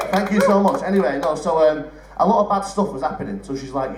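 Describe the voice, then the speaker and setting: Young man, stand-up comedian, chatty, swears a lot, teases the crowd, fairly high voice, roomy theatre sound. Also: lively intonation, fast talker, few pauses, distant mic, very noisy. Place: theatre stage with live audience.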